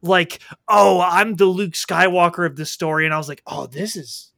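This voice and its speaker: Podcast co-host, man, bright and lively delivery, dry close sound, swears freely while riffing on a film. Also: high voice, normal speed, creaky, dry recording. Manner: animated, profane, acts out reactions. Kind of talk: casual movie review chat. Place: indoors at home, rain outside.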